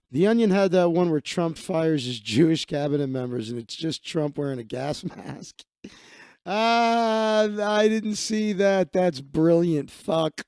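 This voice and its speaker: A man's voice: high voice, a little mellow, dry recording, studio quality. A man hosting a casual livestream, chatting in a rambling, profane and offhand way as he reads through his social feed. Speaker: livestream host.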